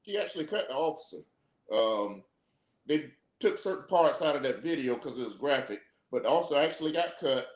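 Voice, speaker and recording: A man's voice: medium pitch, animated, brisk. A man who is a former police officer, explaining steadily on a live video call and often repeating his words. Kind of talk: live video talk show discussion. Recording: echoey room.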